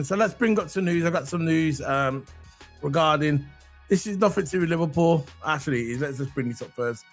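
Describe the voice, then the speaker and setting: A man from Wales, co-hosting a casual football livestream and chatting in a rambling way straight to his viewers. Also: on the high side.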